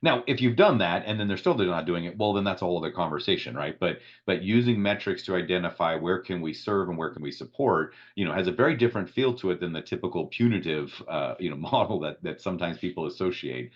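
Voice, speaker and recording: A man's voice: deep voice, animated, fast, few pauses, muffled recording. A man hosting a podcast interview, talking in a reflective, conversational way with plenty of filler words. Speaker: podcast host.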